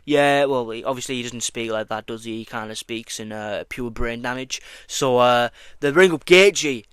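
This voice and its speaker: A man's voice: mid-range voice, moderate pace, clean tone, no echo. A young man reacting to fight news in a casual vlog. He swears freely and mocks as he talks. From Britain. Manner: profane, mocking, excitable. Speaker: YouTuber commentating on combat sports.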